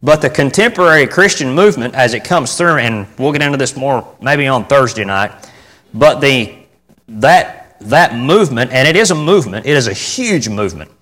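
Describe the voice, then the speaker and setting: A man's voice: medium pitch, expressive, normal speed, fairly bright tone. Man preaching in a reverberant hall. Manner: conversational, repeats phrases for emphasis, asks the audience for responses. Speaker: preacher teaching on church music. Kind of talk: informal sermon to a congregation.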